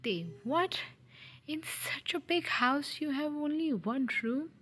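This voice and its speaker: A woman's voice: sits high, expressive, takes it slowly, fairly bright tone, voice pushed up, exaggerated voice. A woman voicing a sassy, defiant young man held captive in a fan audio drama.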